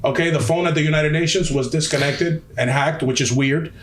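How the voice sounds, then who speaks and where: Fast-talking heated man, roomy echo. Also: fairly high pitch, steady tone, a little hiss or hum. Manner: heated, swears often, fast and emphatic. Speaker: podcast guest. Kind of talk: casual storytelling.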